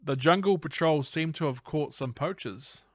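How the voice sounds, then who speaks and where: A man's voice: fairly high pitch, moderate pace, no room sound, studio quality. A man co-hosting a casual comedic film recap podcast, narrating the scenes one by one in an upbeat way. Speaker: podcast co-host.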